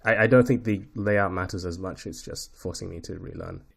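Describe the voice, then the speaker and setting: Deep-voiced, hesitant man. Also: brisk, creaky, fairly bright tone, husky. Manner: hesitant, many fillers and restarts. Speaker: game developer, podcast guest. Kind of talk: casual podcast chat.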